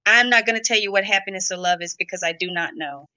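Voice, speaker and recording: A woman's voice: medium pitch, fast, pushed and bright, no room sound, low-quality recording. A middle-aged woman from Brazil, a guest in an interview, telling her own story emotionally. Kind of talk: confessional interview talk.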